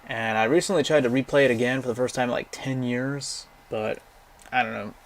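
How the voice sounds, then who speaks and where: A man's voice: medium pitch, steady tone, brisk. A young man casually rambling through a game library, giving blunt, profane opinions and going off on tangents. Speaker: gaming vlogger.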